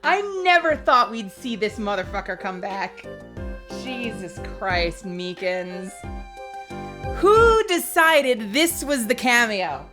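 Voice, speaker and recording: A young woman streaming a game, chatting casually, with excitable, swearing reactions. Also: medium pitch, slow pace, music in the background.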